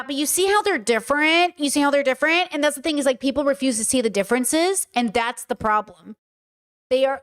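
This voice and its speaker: A young adult woman hosting a podcast, talking in a passionate, emphatic casual monologue that often repeats its points. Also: high voice. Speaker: podcast host.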